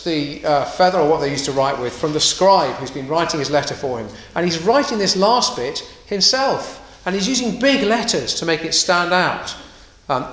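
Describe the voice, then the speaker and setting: A man preaching a sermon in a conversational, animated way, slipping into quoted voices and asides. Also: fairly high pitch, reverberant, poor audio.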